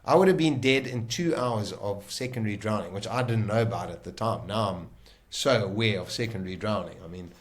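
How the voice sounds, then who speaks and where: On a podcast, a South African guest with a fairly low-pitched voice tells his first-person survival story, dramatic and vivid. He speaks emphatically, frequently restarting what he's saying.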